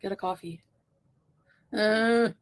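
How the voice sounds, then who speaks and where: A woman's voice: medium pitch, takes it slowly. Playful woman teasing her stream chat. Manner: playful and teasing, drops in French phrases. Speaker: livestream co-host reading chat. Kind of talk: casual livestream chat.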